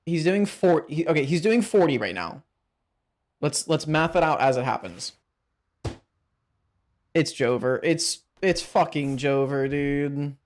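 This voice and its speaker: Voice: medium pitch, expressive, measured pace, pauses often. A card game streamer in casual gaming commentary, swearing freely and picking apart their own misplays in rambling, restarting sentences.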